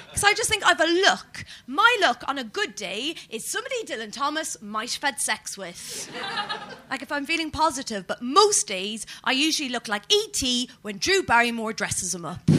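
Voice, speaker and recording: Irish woman, stand-up comic, bright voice, lively swoops, mocking. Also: sits high. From Ireland. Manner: quick, animated, mocking delivery with sudden loud jumps. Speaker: stand-up comedian. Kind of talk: stand-up routine. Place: comedy stage with live audience.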